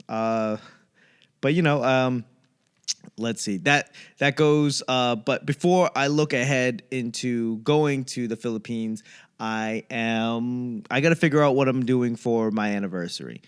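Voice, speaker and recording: A young man hosting his own comedy podcast, rambling through a casual monologue and acting out other people in quick bits. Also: medium pitch, clear, resonant tone. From United States. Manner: acts out voices in quick bits.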